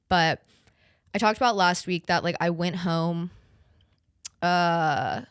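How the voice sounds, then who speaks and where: A young adult woman with a lowish, smooth voice takes her time hosting a podcast. Her casual chat is rambling and profane, heavy on "like", and the studio-quality recording has no room sound.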